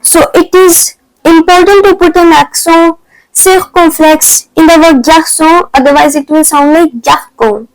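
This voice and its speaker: Woman, language teacher, very high voice, slow careful delivery, repeats words for practice, dry close sound. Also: level tone, no echo, low-quality recording. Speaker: French teacher. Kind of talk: scripted lesson narration.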